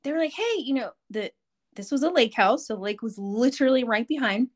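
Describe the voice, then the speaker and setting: A woman's voice: a little high, fairly quick. A woman co-hosting a podcast, telling stories in casual chat and laughing easily. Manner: animated storyteller, laughs until tearful. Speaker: podcast co-host.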